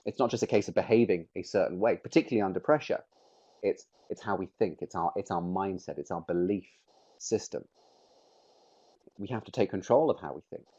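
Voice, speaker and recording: A middle-aged man with a lowish voice presents a webinar, leaning on key words to drive his points home. The audio is dull and lo-fi, like a typical online session. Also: animated, a little fast, darkish tone, breathy edge. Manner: emphatic, varies stress on words to make points.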